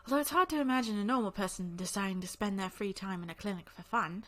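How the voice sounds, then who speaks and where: A woman voicing a calm, wry male doctor in a crow mask, with an attempted Australian accent, as she reads a visual novel aloud. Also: medium pitch, quick pace, natural voice. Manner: calm, wry, mildly teasing. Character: mysterious male crow-masked town doctor, calm and dry. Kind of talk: voice acting while reading a visual novel.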